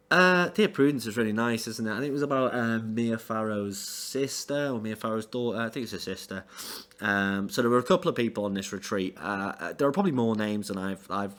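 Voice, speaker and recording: A man's voice: on the low side, fairly bright tone. A man casually reviewing an album on his own channel, rambling with many fillers and restarts. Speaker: music reviewer.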